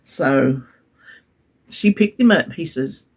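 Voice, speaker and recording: An older woman with a drawl tells a family story to her viewers. Her talk is easygoing and folksy, full of little restarts and soft laughs, as in a casual vlog. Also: sits low, animated, slow, breathy edge. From United States. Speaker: vlogger.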